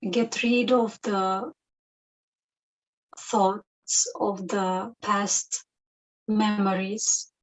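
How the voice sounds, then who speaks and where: A woman introducing a guided meditation in a calm, halting, soft way. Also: medium pitch, poor audio.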